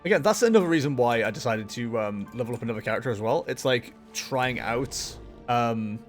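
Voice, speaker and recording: A man's voice: medium pitch, animated, fairly quick, soft background music. A man chatting casually as he streams a game, rambling along with frequent fillers and self-corrections. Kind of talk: casual gameplay commentary.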